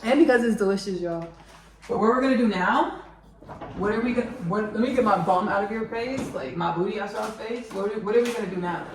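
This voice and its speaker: A woman's voice: medium pitch, a little fast, recorded from a distance, a little hiss or hum. A woman hosting a home cooking show, rambling casually and often calling her viewers "y'all". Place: home kitchen. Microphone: camera set up on the counter. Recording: echoey kitchen, faint clicks.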